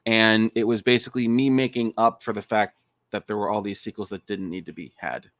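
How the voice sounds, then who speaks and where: A man's voice: fairly low pitch, a little fast, no echo. A man guesting on a podcast, chatting casually and animatedly about his film, swearing and acting out quotes. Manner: animated, swears, acts out quotes in funny voices. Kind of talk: casual interview chat.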